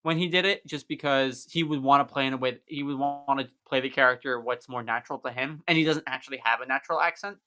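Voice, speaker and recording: A man hosts a casual live stream chat with an eager, talkative manner. His voice is bright and ringing, and he goes into long explanations. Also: mid-range voice, fast talker, few pauses, smooth. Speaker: host.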